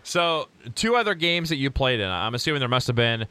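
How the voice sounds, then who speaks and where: Bright, lively host with a lot of laughs. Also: male voice, mid-range voice, fairly quick, a little hiss or hum. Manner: laughs often, eager questions. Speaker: interview host. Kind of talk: casual interview.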